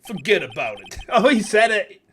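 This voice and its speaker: A man voicing a gruff, bullying male mobster who talks in tough-guy slang. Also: a little high, big pitch swings, moderate pace, fairly bright tone, slight background noise. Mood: menacing.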